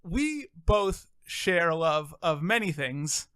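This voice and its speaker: A man's voice: fairly high pitch, very animated, takes it slowly, fairly bright tone, clear, resonant tone, no echo, studio quality. A man in his twenties hosting a casual podcast, joking and self-deprecating. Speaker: podcast host.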